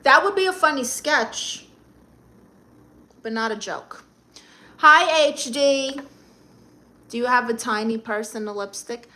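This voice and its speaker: A woman's voice: fairly high pitch, animated, normal speed, pushed and bright. A middle-aged woman with a Brooklyn accent, hosting a live stream and reading chat comments aloud with blunt, sassy comebacks.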